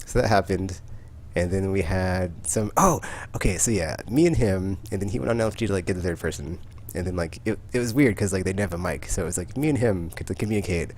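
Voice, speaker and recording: A man's voice: fairly low pitch, darkish tone. A man hosting a podcast, telling rambling stories in casual chat with lots of fillers. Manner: rambling, filler-heavy storytelling. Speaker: podcast host.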